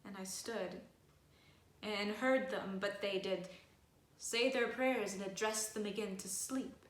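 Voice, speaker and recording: A woman playing Macbeth, a shaken male lord just after a murder, hushed and trembling, in an amateur Shakespeare reading. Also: medium pitch, takes it slowly, close to an everyday voice. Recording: echoey room.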